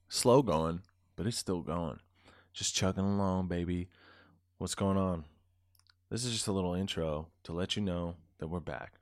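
A man's voice: sits low, moderate pace, dry recording, clean studio sound. A stoned man hosting a casual solo podcast, rambling in a laid-back, profane way, with a beat playing underneath. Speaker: podcast host.

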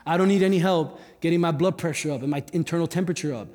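A guest pastor, a man with a fairly high voice, preaches in a loose, conversational way and drops in joking asides. His voice rings through a large church hall with a long reverb, and soft music plays underneath. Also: very fast. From Cuba. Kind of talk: sermon.

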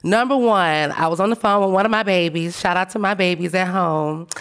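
A woman speaking on a panel, telling animated, emphatic stories in a frank, profane way and calling her listeners "baby". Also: on the low side, fairly quick, clear, resonant tone. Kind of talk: panel discussion talk.

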